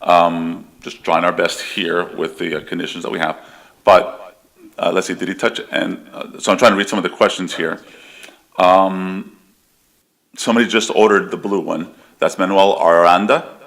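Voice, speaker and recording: A man with a deep, low voice hosts a live stream interview. He speaks casually and hesitantly, with lots of fillers. The stream is recorded in an apartment. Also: fairly even intonation, moderate pace, vocal fry, fairly bright tone.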